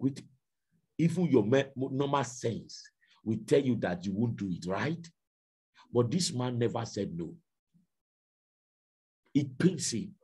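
A man preaching a sermon, telling a story dramatically and swinging from hushed to shouting. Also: mid-range voice. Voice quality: very husky. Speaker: pastor.

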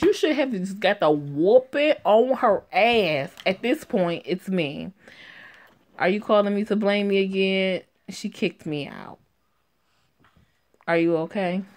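Lady gamer reading a story game out loud, kinda low voice, sassy and cussing. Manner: sassy, profane and quick to laugh. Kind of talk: casual game commentary and reading aloud.

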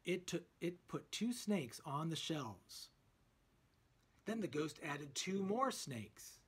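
Husky-voiced man reading a storybook. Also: on the high side, slow. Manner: expressive, storytelling. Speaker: children's book reader. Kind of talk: reading a picture book aloud.

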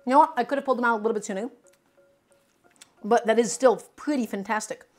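Woman, Brooklyn New York accent, soft R sounds, casual live cooking chat, talks straight to viewers, light music behind. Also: on the high side, quick pace. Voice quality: cannot pronounce R sounds. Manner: chatty, talks directly to viewers. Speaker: cooking streamer.

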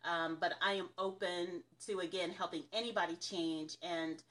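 A woman's voice: fairly low pitch, fairly even intonation, normal speed, a bit bright. A woman from the American South hosting a casual business coaching livestream, chatty and upbeat, laughing often as she talks to viewers.

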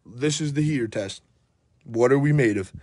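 A young man with a hoarse, worn-out voice, frantically narrating a card pack opening at home, swearing and shouting in disbelief while filming on his phone. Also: medium pitch, normal speed. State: hoarse, voice shot. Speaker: sports card pack breaker. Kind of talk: hyped live pack-opening commentary. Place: at home by a table.

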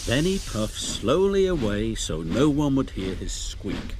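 A man narrating a children's railway story in a slow, expressive reading. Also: mid-range voice, background noise. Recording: loud background music.

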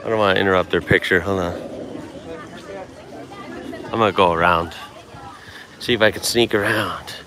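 A man's voice: sits low, steady tone, moderate pace, long pauses, sharp tone, some chatter behind, slight background noise. A man with a Chicago accent chatting easily and laughing often while live-streaming from an outdoor wildlife park on a handheld camera. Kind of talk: casual live-stream chat.

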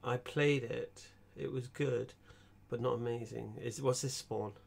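A man's voice: medium pitch, unhurried, vocal fry. A young man, chatting casually about games while streaming, rambling and stammering through restarts. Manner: rambling, stammering restarts, animated bursts of laughter. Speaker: gaming streamer. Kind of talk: casual gaming chat.

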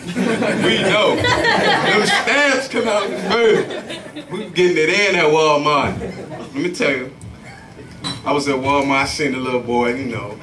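A man's voice: fairly high pitch, animated, slow pace, background noise. A man doing a stand-up comedy set at an open mic, telling loose, profane stories. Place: comedy club stage. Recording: echoey club heard from far off.

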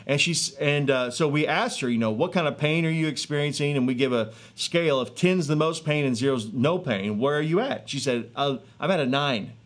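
A man in his thirties or forties, a street evangelist telling a healing testimony in an earnest, excitable way with many fillers and restarts, outdoors in a neighborhood. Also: on the high side, fairly quick, few pauses. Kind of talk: animated testimony storytelling.

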